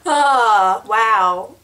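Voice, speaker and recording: A woman's voice: fairly high pitch, pushed and bright. A young woman chatting to camera in a rambling, giggly way, answering tag questions. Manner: bubbly, rambling, giggly, lots of "like". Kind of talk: casual chat to camera.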